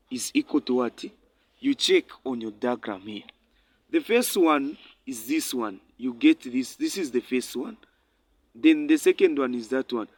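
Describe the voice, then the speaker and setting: Male maths tutor, unhurried, asks "what?" and then answers it himself, dry close sound. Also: mid-range voice, dry recording. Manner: asks rhetorical questions and answers them himself; repeats numbers slowly while writing. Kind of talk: maths lesson at a board.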